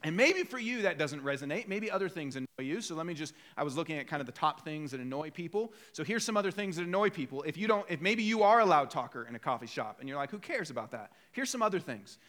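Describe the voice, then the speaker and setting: A man preaching a sermon in a bright, ringing voice that sits high for a man. He tells stories with lively, acted-out quotes and a joking tone, pulling the congregation along. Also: fast, hardly any pauses. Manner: animated storytelling with acted-out quotes. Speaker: pastor.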